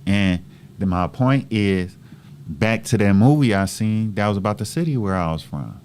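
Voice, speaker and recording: Animated profane storyteller man, low voice. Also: moderate pace, a little hiss or hum. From Southern California. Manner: animated, profane street storytelling with quoted dialogue. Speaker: host. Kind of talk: casual storytelling monologue.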